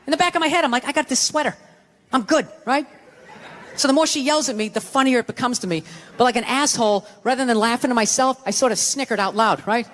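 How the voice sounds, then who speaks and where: A man's voice: very high-pitched, fast, a bit bright. A middle-aged man with a Boston accent telling a stand-up story, profane and ranting, often tagging lines with "right?" and acting out other people's voices. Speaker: stand-up comedian. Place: large theater on stage. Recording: live hall reverb, crowd noise. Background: audience laughter.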